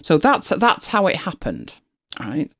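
Chatty woman with lively pitch. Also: a little slow, husky, no echo, clean studio sound. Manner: chatty, laughs often, animated storytelling. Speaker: podcast co-host. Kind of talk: casual chat.

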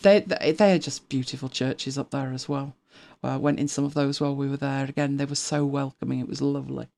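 A woman's voice: very deep voice, fairly even intonation, fairly quick, gravelly, a little mellow. A woman in her fifties hosting a podcast in casual, rambling chat, laughing often and now and then dropping to a whisper. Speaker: podcast co-host.

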